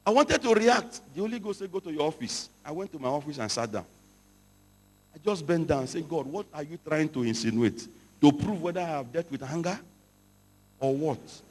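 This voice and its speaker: Male pastor, high husky voice, sermon in a reverberant hall, storytelling with shouted peaks. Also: animated, moderate pace. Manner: storytelling, rising to shouted emphasis. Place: large hall.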